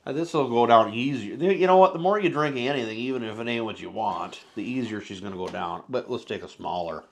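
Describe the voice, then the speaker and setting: A man's voice: mid-range voice, brisk, creaky. A man co-hosting a casual chat while sampling drinks, talking in a rambling, playful way. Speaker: co-host.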